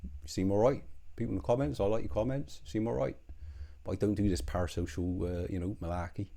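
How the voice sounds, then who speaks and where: A man's voice: low-pitched, quick pace, gravelly, dark tone. A man hosting his own channel, rambling in a sardonic, sweary commentary that keeps interrupting itself.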